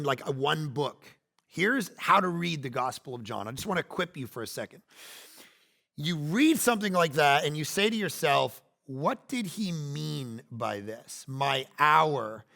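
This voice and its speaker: A man in his forties preaching a sermon, animated, swinging between loud bursts and quiet asides. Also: fairly high pitch, moderate pace, vocal fry. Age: 40s. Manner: acts out quoted lines in playful voices. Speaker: pastor.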